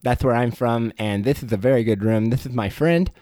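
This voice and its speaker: A man voicing a tiny, cheerful fish-headed creature with a small human body, speaking in a high squeaky voice, eager and naive. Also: a little fast, warm tone, no room sound, studio quality, close to an everyday voice. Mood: friendly. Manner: eager, rambling, sweetly naive.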